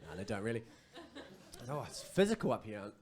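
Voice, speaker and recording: A man in his thirties with a New Zealand accent, performing a stand-up comedy set on a club stage and rambling through an anecdote full of animated asides. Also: fairly low pitch, fairly quick.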